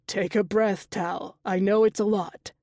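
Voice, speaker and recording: A woman voicing a wry, easygoing male shaman with a gravelly edge, speaking in a teasing, reassuring way in an audiobook. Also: mid-range voice, steady tone, a little slow, warm tone, no room sound, studio quality, natural voice. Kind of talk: audiobook character dialogue.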